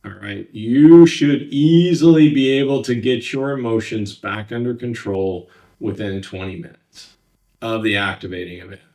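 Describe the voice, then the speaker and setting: A man's voice: fairly low pitch, normal speed, dark tone, far from the mic. A man working as a counselor, teaching from slides in a plain conversational way, with frequent fillers and restarts. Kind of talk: slide-based lecture.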